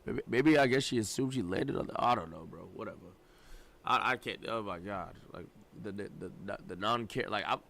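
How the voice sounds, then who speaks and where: A man's voice: on the low side, brisk, gravelly, a bit bright. A man hosting a casual reaction chat, incredulous and slangy, often laughing in disbelief. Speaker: podcast host reacting to clips.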